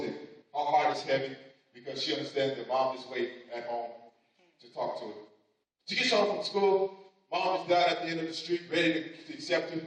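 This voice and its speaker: A man preaching a sermon, telling a story and speaking the mother's and daughter's lines in his own voice. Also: medium pitch. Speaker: pastor. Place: church sanctuary. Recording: echoey church hall, mic from a distance.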